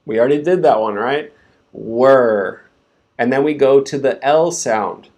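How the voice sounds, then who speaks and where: A man's voice: mid-range voice, moderate pace, darkish tone. A man teaching English pronunciation in a live stream, patiently breaking words into sounds and repeating them for learners to copy.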